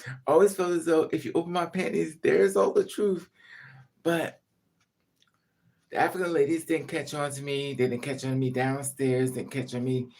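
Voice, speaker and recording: A woman casually telling a personal story on a vlog, frank and profane, laughing as her voice swings between loud outbursts and hushed asides. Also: sits low, steady tone, moderate pace, creaky. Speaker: vlogger.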